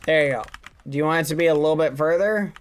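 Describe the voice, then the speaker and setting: A man's voice: a little high, fast talker, slight background noise. A man hosting a building game on stream, casually chatting and joking with the players and encouraging them. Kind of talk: casual livestream commentary.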